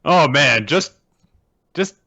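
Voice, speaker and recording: A man co-hosting a podcast, chiming in with quick jokes and asides. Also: fairly high pitch, lively intonation, pushed and bright, dry recording, lo-fi sound. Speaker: podcast co-host. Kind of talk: casual podcast banter.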